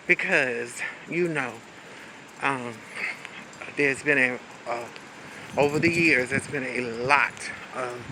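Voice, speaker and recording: A woman's voice: a bass voice, bright, forceful tone, a little hiss or hum, rough recording. A woman telling a candid, sassy storytime in a casual vlog, recorded outdoors on a city street with a handheld phone. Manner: candid, sassy, says "honey" and "baby". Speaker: vlogger.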